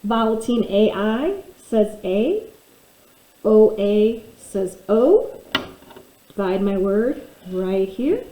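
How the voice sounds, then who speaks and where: A woman teaching a phonics lesson, slowly and deliberately sounding out letters and syllables. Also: medium pitch, very animated, warm tone. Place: room at a desk. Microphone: camera pointed at desk. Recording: echoey room.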